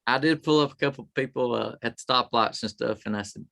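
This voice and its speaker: A man's voice: medium pitch, fairly quick, gravelly, pushed and bright. A man, a guest telling rambling stories in a casual interview, often acting out what others said. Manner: rambling anecdotes with quoted voices. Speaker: guest, tribute performer.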